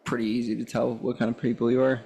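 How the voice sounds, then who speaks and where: Man, podcast guest, casual chat, blunt crude humor, gravelly, middle pitch. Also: level tone, quick pace, warm tone.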